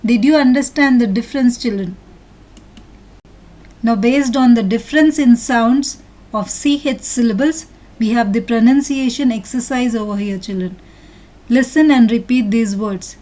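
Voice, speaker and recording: A woman teaching an English lesson to children, sounding out each word clearly and patiently. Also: on the high side, measured pace, a little mellow. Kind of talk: slow, deliberate classroom lesson for children.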